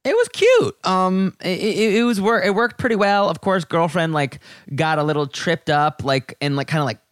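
A man's voice: high-pitched, animated, normal speed, a bit bright, clean tone, no echo, clean studio sound. A man from the American South hosting a podcast in campy, rambling casual chat. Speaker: podcast host.

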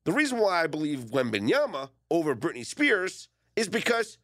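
A man's voice: a little high, moderate pace, no echo, clean studio sound. A man hosting a casual sports talk radio show, joking around with his co-hosts and laughing often. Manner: jokey, animated, laughs often. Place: radio studio.

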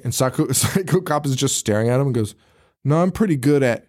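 A man's voice: medium pitch, expressive, fast, a little mellow. A man hosting a podcast, recapping a movie in casual chat, swearing often, laughing and acting out the characters' lines. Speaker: podcast host.

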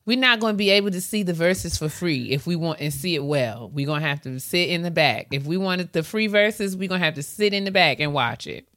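Low-pitched young woman cohost, swings her voice all around, praise-the-lord asides. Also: lively intonation, brisk, few pauses, fairly bright tone, dry recording, clean studio sound. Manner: churchy exclamations, sassy asides. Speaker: podcast co-host. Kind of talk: casual chat.

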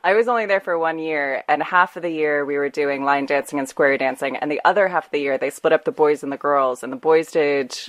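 Low-voiced American woman, chatty. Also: a little fast, hardly any pauses. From United States. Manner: laughs along, chatty and emphatic. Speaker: podcast guest. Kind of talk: casual chat. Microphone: remote call.

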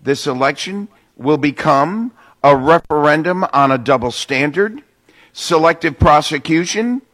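A man's voice: fairly high pitch, animated, takes it slowly, a bit bright. A man, a regular guest commentator on morning radio, speaking in an earnest, indignant, emphatic way. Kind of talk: opinionated political commentary.

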